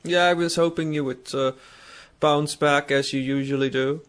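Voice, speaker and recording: A man's voice: a little high, steady tone, normal speed, a bit bright, clean tone. A man co-hosting a casual podcast, rambling and laughing often as he talks. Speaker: podcast co-host. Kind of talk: casual chat.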